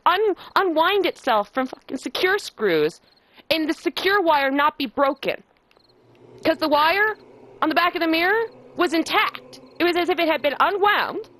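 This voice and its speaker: Animated, profane woman telling a ghost story. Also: sits high, no room sound, poor audio. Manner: animated and profane, with frequent laughs. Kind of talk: casual storytelling vlog. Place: rural house.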